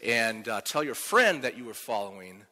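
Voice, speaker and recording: A man playing a weary male police officer who speaks low, quiet and matter-of-fact, in a sermon retelling. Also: very animated, moderate pace, long reverb tail, full character voice. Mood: dry, stern.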